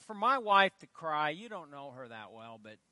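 A middle-aged male pastor preaching a sermon, telling stories with loud emphatic lines and quiet asides. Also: a little high, very animated, moderate pace, no echo. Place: church.

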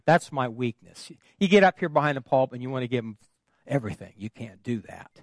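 A man's voice: mid-range voice, expressive, brisk, no echo. A man preaching a sermon from the pulpit, calling for answers from the congregation, with folksy humorous asides. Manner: call-and-response with the congregation. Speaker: pastor. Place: church, at the pulpit.

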